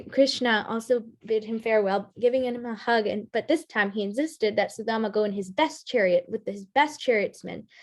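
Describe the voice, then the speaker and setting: A woman telling a story at a live storytelling performance, animated and lively, with small restarts. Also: fairly high pitch.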